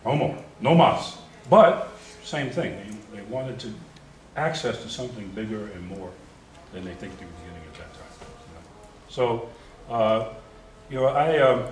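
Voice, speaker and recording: An older man from the United States, a guest speaker at a forum, telling lively, humorous anecdotes with chuckles and restarts. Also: lowish voice, a little hiss or hum. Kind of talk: storytelling talk at a forum. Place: lecture hall. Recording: roomy, distant mic.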